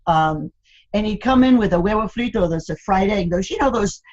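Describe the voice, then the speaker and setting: An older woman, a guest in a candid interview, who tells stories with animated, teasing humor and laughs often. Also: medium pitch, normal speed, highs cut off. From United States, Cuban American family.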